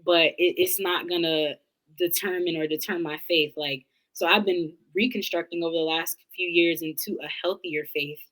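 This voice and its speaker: A woman's voice: lowish voice, fairly even intonation, normal speed, fairly bright tone, low-quality recording. A young adult woman, an interview guest, talking candidly and thoughtfully in long, run-on reflections. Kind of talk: candid casual conversation.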